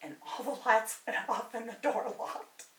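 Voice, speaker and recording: A woman's voice: a little high, measured pace. A woman, a medium and tarot reader, telling a story in casual chat, talking a lot and laughing often. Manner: animated, chatty, laughs often. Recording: roomy, distant mic, faint noise.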